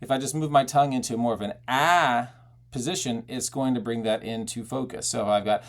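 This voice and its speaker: A man teaching belting technique, talking casually and breaking into loud belted "hey" and vowel demonstrations. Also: medium pitch, steady tone, fairly quick. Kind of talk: vocal technique lesson with sung demonstrations.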